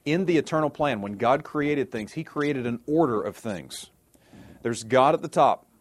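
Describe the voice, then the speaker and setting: A man's voice: mid-range voice, animated, moderate pace. A man teaching a sermon in a conversational way, often checking in with his listeners and adding sarcastic asides. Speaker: Bible teacher.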